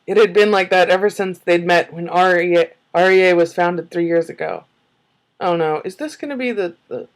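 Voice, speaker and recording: A woman with a lowish voice casually reads a book aloud, breaking off for snarky, sarcastic commentary and frequent giggles. The recording quality is poor.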